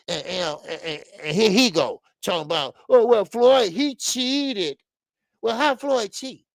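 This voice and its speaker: A man hosting a boxing live stream, reading viewer comments and ranting in an animated way, with many stammered fillers. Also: high voice, gravelly, no room sound. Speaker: boxing channel host.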